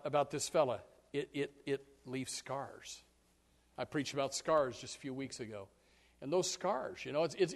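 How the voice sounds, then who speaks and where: A man preaching a sermon as pastor, jumping into loud acted quotes and dropping to low, quiet asides. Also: big-room sound.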